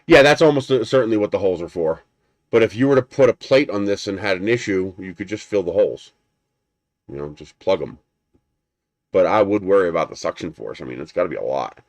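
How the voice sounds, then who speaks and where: A man's voice: low-pitched, animated, a little fast, no echo. A man hosting a live stream, chatting casually and rambling as he unboxes a printer and answers viewers. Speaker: 3D printing livestream host.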